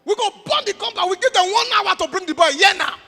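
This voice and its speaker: A man's voice: extremely high pitch, quick pace, sharp tone, voice pushed up, exaggerated voice. A preacher voicing a commanding Nigerian strongman. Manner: commanding, threatening. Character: furious male neighborhood strongman. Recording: reverberant church hall with faint music.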